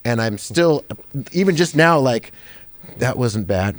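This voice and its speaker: A man's voice: medium pitch, measured pace. A middle-aged man, a worship leader, chatting casually and animatedly with lots of "dude" and "like.". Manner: relaxed, animated, says "dude" and "like" a lot. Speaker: worship leader and music teacher. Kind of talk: casual conversational chat.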